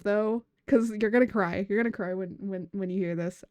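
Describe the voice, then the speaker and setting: A woman streamer chatting casually from a room at home, giggly and rambling, often tripping over her own words. Her voice sits at an ordinary pitch. The sound is dry and close, with little room in it. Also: fairly even intonation, moderate pace, few pauses, darkish tone, no echo, muffled recording. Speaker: VTuber streamer.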